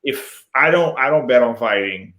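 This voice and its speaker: A man's voice: mid-range voice, animated, normal speed, pushed and bright. Easygoing man chatting on a podcast. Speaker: podcast co-host. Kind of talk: casual chat.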